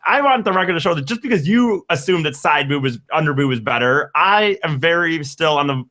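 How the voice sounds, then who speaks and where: A young man co-hosting a podcast, telling a story in a rambling, halting, self-deprecating way. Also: fairly high pitch, lively intonation, bright, forceful tone. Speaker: podcast co-host. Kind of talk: casual chat.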